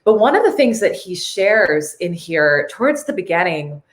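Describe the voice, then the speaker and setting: A woman's voice: fairly low pitch, big pitch swings, moderate pace, echoey room. A woman hosting a casual live stream, earnest and tearful, reading viewer comments aloud.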